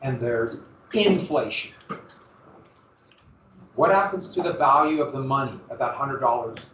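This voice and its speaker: A man's voice: medium pitch, measured pace, fairly bright tone, a little hiss or hum. Man lecturing a class from far off. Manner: asks the class questions and answers them himself. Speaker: history teacher. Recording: roomy classroom recording from far off.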